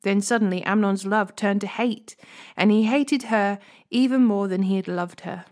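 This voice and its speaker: A woman's voice: mid-range voice, normal speed. Woman reading Bible stories. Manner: steady storytelling. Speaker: Bible reader.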